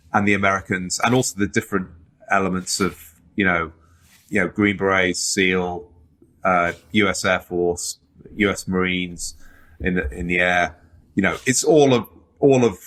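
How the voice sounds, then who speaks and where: British man, middle-aged, low-pitched, podcast guest, relaxed and rambling. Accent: British English. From Britain. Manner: relaxed, rambling with frequent fillers. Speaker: author and journalist guest. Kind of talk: casual podcast interview.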